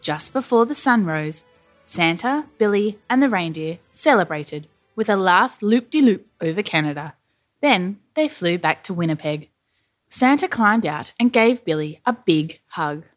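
A woman narrating a children's story aloud in an animated, playful storyteller manner. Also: on the low side, measured pace. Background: faint music.

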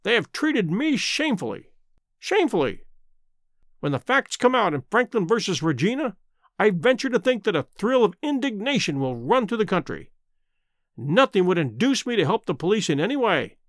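In this excited storybook reading, the man plays a spiteful old squire, all bluster and pompous indignation, at a moderate, sing-song pace. The high voice jumps about in pitch, captured dry and close with no room sound.

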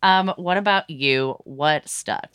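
A woman co-hosting a podcast, chatting casually and laughing often. Her voice sits low but bright and crisp. The recording is close and dry. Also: slow, dry recording. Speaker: podcast co-host. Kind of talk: casual chat.

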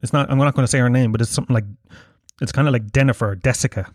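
An Irish man hosting a solo podcast, chatting in a rambling, jokey way and swearing freely. His voice sits at a middling pitch. The sound is dry and close on the mic. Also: fairly even intonation, very fast, darkish tone, no room sound. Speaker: podcast host. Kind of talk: casual solo podcast chat.

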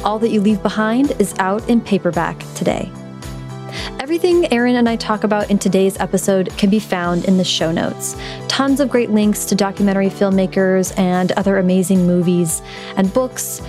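A woman with a medium-pitched voice speaks at a moderate pace over music. As host of a podcast about writing, she reads the show's announcements and then interviews her guest in a friendly, chatty way, giving a podcast intro read and interview.

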